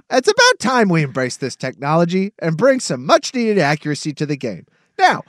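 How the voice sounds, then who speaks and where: A male radio co-host reading an AI chatbot's answers aloud in a formal, flat manner, recorded on a dry studio mic. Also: on the high side, dry recording. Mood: folksy. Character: man doing an AI chatbot voice. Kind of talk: comedic radio sports talk.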